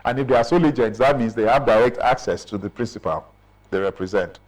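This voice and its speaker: A man's voice: medium pitch, fast talker, poor audio. A middle-aged man with a Nigerian accent, an official explaining procedures in a radio interview and often checking in with "right?". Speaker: official explaining business registration.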